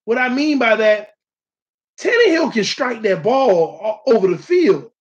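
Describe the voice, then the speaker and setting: High-voiced man hosting a sports livestream. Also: measured pace, highs cut off. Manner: animated, talks straight to viewers. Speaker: sports channel host. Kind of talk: casual live-stream sports talk.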